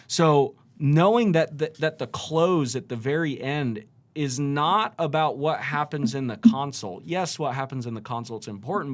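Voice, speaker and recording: A man's voice: on the high side, no room sound. A man co-hosting a podcast, chatting casually about sales and often shifting his tone up and down to make a point. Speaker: podcast co-host. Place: studio.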